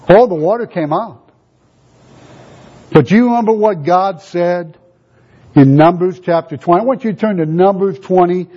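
A man's voice: sits high, dark tone. A man preaching a sermon, firing rhetorical questions at his listeners and stretching out scripture verses word by word for emphasis. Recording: dull lo-fi recording.

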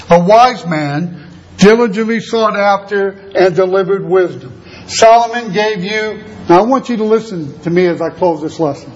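A man's voice: high-pitched, lo-fi sound. A man preaching a sermon to a congregation, with an emphatic, repetitive preaching cadence.

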